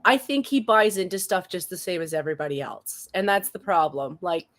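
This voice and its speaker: A woman co-hosting a casual talk show, chatty and animated, often laughing as she talks. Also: lowish voice, brisk. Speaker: show co-host. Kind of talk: casual chat.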